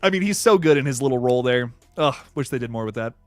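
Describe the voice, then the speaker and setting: A man's voice: medium pitch, expressive, fast talker, dry recording, faint music behind. A man hosting a livestream, reading chat comments aloud and rambling casually with lots of laughs. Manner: rambling, laughs a lot, frequent restarts. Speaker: YouTube host reading live chat.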